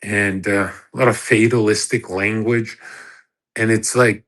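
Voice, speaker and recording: A man's voice: fairly low pitch, fairly even intonation, unhurried, fairly bright tone. A man in his thirties hosting a live audio chat room, lecturing in an emphatic, profane casual rant. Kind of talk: casual ranting monologue.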